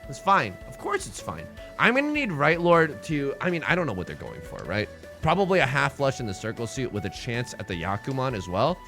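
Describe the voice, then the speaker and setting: A man giving casual live-stream commentary on a game, animated, playful and self-mocking. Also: mid-range voice, a little fast, faint music behind.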